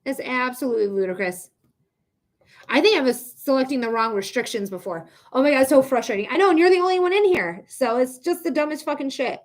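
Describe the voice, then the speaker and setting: Young female live-stream host with a high voice, casual and exasperated, talking straight to her chat. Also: expressive, fairly quick. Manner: frustrated, swearing, talking to chat. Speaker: psychic reader hosting a live stream.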